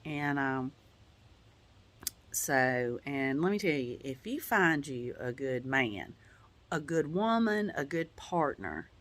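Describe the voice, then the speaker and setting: A woman's voice: sits low, fairly bright tone. A woman giving a casual personal update as a vlogger, talking in a rambling, heartfelt way with many "you know" fillers. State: tearing up at times.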